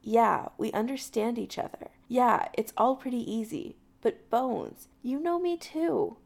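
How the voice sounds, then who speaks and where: Woman voicing a brash young starship captain, pushy and pleading, pitched up, gravelly edge, audiobook reading. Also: animated, a little slow, heavily acted. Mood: insistent.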